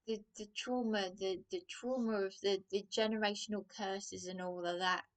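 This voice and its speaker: A middle-aged woman from England, delivering a rambling rant to camera, halting with many restarts and dropping into hushed asides. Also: mid-range voice, steady tone. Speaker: vlogger.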